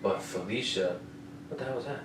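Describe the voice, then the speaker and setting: A man's voice: lowish voice, a little fast. A man hosting a casual fight-recap podcast, swearing often and asking "you know what I mean?" over and over. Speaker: podcast host. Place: home room with air conditioner. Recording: roomy, distant mic, faint noise.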